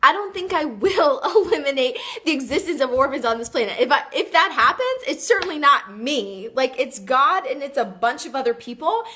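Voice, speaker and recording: A woman's voice: high-pitched, expressive, moderate pace, few pauses, bright, forceful tone. A woman hosting a motivational live video, talking earnestly and emphatically and reading out viewer comments. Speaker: live stream host.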